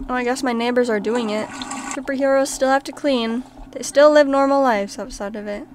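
A woman with a fairly high voice talks through her game in a casual let's-play style. She chats along and reacts aloud to what happens on screen. A steady hiss of background noise sits under her voice. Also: a little fast. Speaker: gaming channel host.

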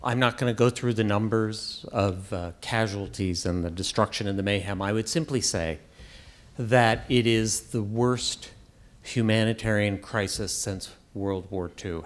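A man's voice: lowish voice, measured pace. A man, a former ambassador, making his case in a public debate and repeating key points for emphasis.

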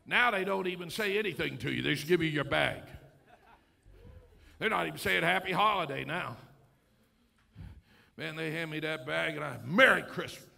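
High-pitched preaching man, gravelly. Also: moderate pace, long pauses. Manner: storytelling, joking with the congregation; loud, preaching call-and-response. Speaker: pastor. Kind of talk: sermon. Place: church sanctuary.

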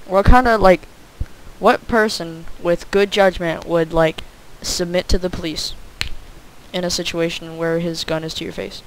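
High-voiced young man joking through gameplay. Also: steady tone, measured pace, poor audio. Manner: rambling, jokey, says "like" a lot. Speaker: gameplay commentator. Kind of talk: casual gameplay commentary. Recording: faint hiss.

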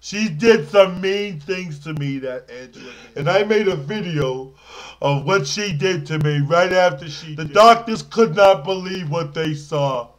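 A man's voice: a little high, measured pace, close to an everyday voice. A man playing a battered, self-pitying can scavenger in a comic monologue to camera, pleading in a whiny, melodramatic way. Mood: lamenting.

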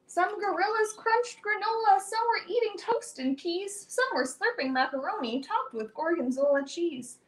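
A young woman storyteller reading a rhyming picture book aloud to children in an animated, sing-song way with dramatic swings. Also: very high voice, moderate pace, hardly any pauses, slight background noise. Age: young adult.

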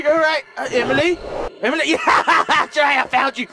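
A man's voice: very high voice, moderate pace, background noise. A man commentating a horror game, panicky and joking, yelping and screaming when scared. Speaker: let's play gamer.

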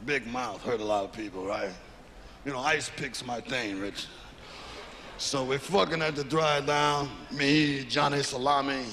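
A comedian doing a boisterous gravelly mobster boss. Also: male voice, sits high, unhurried, pushed and bright, big-room sound, a little hiss or hum, exaggerated voice. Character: boisterous Italian-American mobster boss, laughing.

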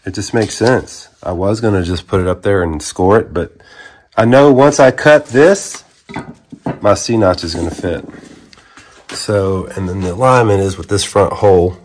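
A truck vlogger with a low voice talks at a moderate pace through a bit of hiss or hum. In his casual DIY video he opens with a folksy showman's greeting and keeps up running commentary as he works on his truck.

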